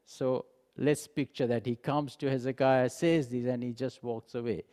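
Mellow-voiced man preaching in a hall. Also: medium pitch, normal speed, smooth. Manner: animated preaching, acting out dialogue, soft for emphasis. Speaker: pastor. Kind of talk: sermon. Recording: long hall reverb.

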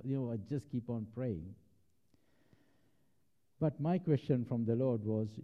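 A man's voice: mid-range voice, lively intonation, a little slow, long pauses. Man preaching a reflective sermon, dull recording. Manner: reflective, with personal anecdotes.

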